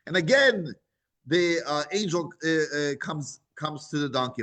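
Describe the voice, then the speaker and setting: A man teaching a scripture class, retelling the story with lively animation and acting out the voices. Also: fairly high pitch, measured pace.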